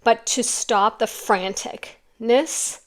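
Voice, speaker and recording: A woman's voice: a little high, drawn-out words, fairly bright tone. A middle-aged woman giving a pick-a-card tarot reading in a chatty, emotional, rambling way.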